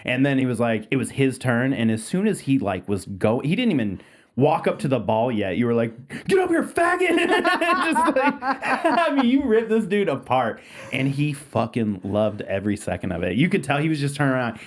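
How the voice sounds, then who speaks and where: A man with a lilt, chatting casually as a podcast host. His pitch swings widely as he tells stories, and he breaks into laughter often. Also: fairly quick. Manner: animated storyteller, laughs often. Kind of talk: casual chat.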